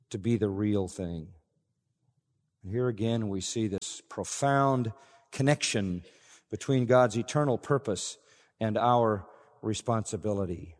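A man's voice: medium pitch, darkish tone. A man preaching an expository sermon, earnest and emphatic, often repeating key phrases. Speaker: pastor. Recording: long reverb of a large hall.

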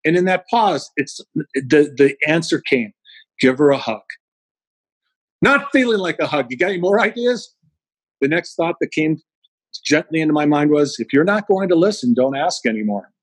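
Husky-voiced man telling stories. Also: a little high, moderate pace, no room sound, rough recording. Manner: animated anecdotes with acted-out quotes. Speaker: guest speaker. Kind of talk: storytelling in an interview.

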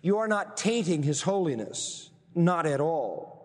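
A man preaching a sermon in a church sanctuary, his somewhat high voice trailing off into a long hall reverb. He argues point by point and slows almost to a crawl to press home the key phrases. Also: sing-song. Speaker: pastor.

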